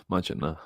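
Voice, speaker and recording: A man's voice: fairly low pitch, a little mellow, slightly rough, dry recording, studio quality. A man co-hosting a live football podcast, chatting casually and rambling as he reads out viewer comments. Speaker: podcast co-host.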